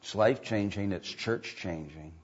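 A man's voice: on the low side, a little slow, breathy edge. A man preaching as a pastor, repeating lines and asking the congregation rhetorical questions, on a dull lo-fi recording. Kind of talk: sermon.

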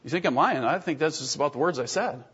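A man in his thirties preaching a sermon as a pastor, telling lively stories with self-deprecating humor and often clearing his throat. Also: fairly high pitch, fast. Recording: dull lo-fi sermon recording.

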